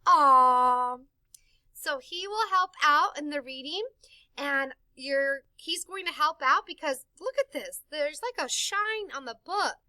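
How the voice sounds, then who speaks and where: A woman reading a picture book aloud to children in an animated, sing-song way, stopping to explain words. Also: high voice, takes it slowly, dry recording. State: tickle in her throat. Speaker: storytime reader for children.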